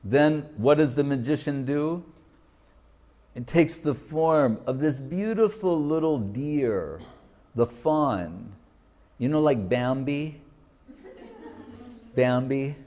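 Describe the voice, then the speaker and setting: A man teaches a spiritual class, retelling a sacred story in a loose, joking, conversational way. He speaks at an unhurried, slow pace and often restarts his sentences or breaks off into asides. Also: mid-range voice, expressive, warm tone. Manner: joking, chatty, full of restarts. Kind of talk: casual storytelling talk to an audience.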